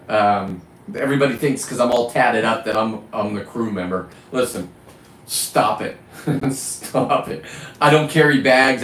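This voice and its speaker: A man's voice: medium pitch, a bit bright, reverberant, low-quality recording. A middle-aged man hosting a live stream, ranting in a blunt, profane, rambling way. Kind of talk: casual live-stream rant.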